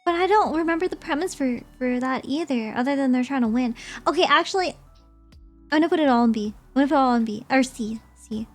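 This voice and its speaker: High-voiced chatty young woman streamer. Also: fast, faint music behind. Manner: chatty, rambling, giggly. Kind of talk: casual chat, ranking movies on stream.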